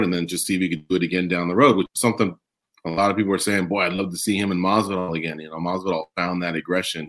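A man hosting a casual sports talk show, animated and rambling, asking his co-host questions. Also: deep voice.

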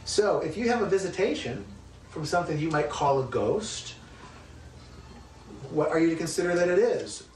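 A man's voice: a little high, expressive, moderate pace, long pauses, slight background noise. A man teaching a Bible study lesson in a conversational, emphatic way, often asking rhetorical questions. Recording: roomy, distant mic with faint ambience.

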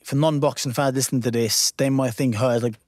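Host: man of middle pitch, eager follow-up questions, close dry mic. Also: steady tone, fast, darkish tone, no room sound. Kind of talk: casual podcast interview.

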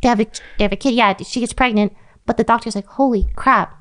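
A woman's voice: a little high, steady tone, quick pace, fairly bright tone. A woman on a podcast, rambling and laughing as she makes up a strange story in casual chat. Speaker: podcast co-host.

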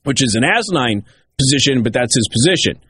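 A talk show host delivering political commentary in an emphatic way, hammering key points by repeating them. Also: male voice, mid-range voice, animated, brisk, a bit bright, husky, no room sound.

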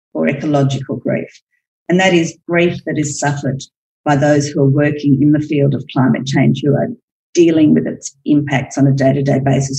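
A woman hosting a book podcast, putting long, articulate questions to her guests in a measured way. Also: low voice, dark tone, slightly rough, low-quality recording. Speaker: podcast host. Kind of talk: interview questions.

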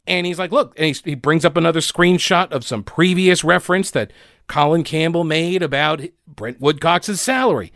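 Guy from north carolina doing a chatty sarcastic politics rant, bit high voice, dry close mic. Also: normal speed, a bit bright, dry recording. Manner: chatty and sarcastic, many fillers and restarts. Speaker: radio talk show host. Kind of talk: casual political commentary.

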